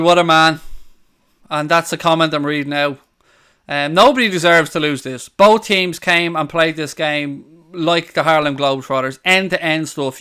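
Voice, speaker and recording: A man hosting a live football watchalong, excitable, swearing and shouting over the action. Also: fairly high pitch, smooth. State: out of breath. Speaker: watchalong host.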